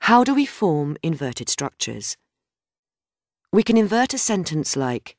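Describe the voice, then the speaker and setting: Woman narrating a grammar lesson, lively pitch. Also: no room sound, studio quality. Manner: measured, explanatory, deliberate. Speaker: grammar teacher. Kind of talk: scripted instructional narration.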